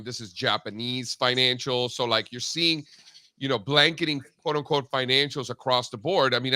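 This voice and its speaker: A male host chats about markets in a loose, joking way, with plenty of fillers along the way. His voice is bright and forceful. The sound is dry and close. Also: medium pitch, smooth, dry recording. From Cuban background. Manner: chatty, joking, many fillers. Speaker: show host. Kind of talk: casual market talk show chat.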